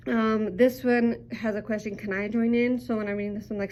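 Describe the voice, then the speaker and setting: A young woman talks through a children's book in a relaxed, upbeat way, often pausing on an um. Her voice sits a little high. A faint ambient hiss runs under it. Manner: chatty, upbeat, frequent ums. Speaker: teacher reviewing a children's book. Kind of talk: casual book review vlog.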